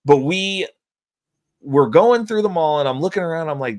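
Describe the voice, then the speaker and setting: A man's voice: a little high, normal speed, no echo, studio quality. A man telling crude, rambling stories on a livestream, laughing often. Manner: profane, laughing, animated storyteller. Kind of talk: casual storytelling chat.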